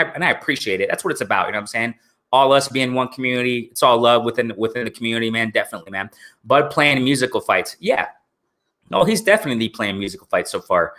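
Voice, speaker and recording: A man talks with a bright, forceful voice at a middle pitch. He hosts a casual live stream and answers chat as it comes in. He keeps checking in with his listeners as he talks. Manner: talkative, repeats "you know what I'm saying". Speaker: host of a live boxing stream.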